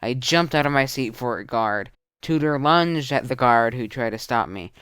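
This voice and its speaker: A man narrating a first-person action story in a terse, dramatic way, shouting the quoted lines. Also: mid-range voice, expressive, normal speed, clear, resonant tone, no room sound. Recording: narration over loud music.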